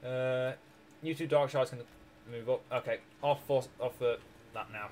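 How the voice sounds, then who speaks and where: A man's voice: mid-range voice, steady tone, a little slow, darkish tone, a little hiss or hum. Chatty Scottish man with a sore throat. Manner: rambling, chatty, jokey, laughs often. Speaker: game streamer. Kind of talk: casual live-stream chat.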